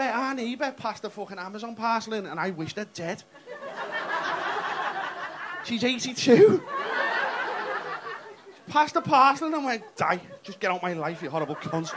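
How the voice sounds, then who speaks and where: A man, doing a brash, sweary stand-up set on a comedy club stage, teasing the crowd. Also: extremely high pitch. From England. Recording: noisy live club recording. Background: audience laughter.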